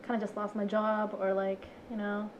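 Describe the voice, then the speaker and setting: A woman's voice: mid-range voice, normal speed, dull audio, slight background noise. A young woman in her twenties, a podcast guest chatting casually, giggling and acting out what others said. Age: 20s. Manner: giggly, animated storytelling with acted-out quotes. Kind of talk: casual chat.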